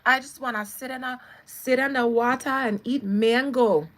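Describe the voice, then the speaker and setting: A woman's voice: sits high, huge pitch swings, measured pace, gravelly, voice pushed up, full character voice. A woman impersonating a laid-back female island pop star who drawls dreamily and gets easily distracted. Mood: pleading.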